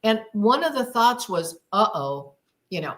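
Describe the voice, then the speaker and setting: A woman's voice: fairly high pitch, lively intonation, moderate pace. A woman being interviewed who tells her story with emphasis and drama, acting out her own inner thoughts as she goes. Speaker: guest.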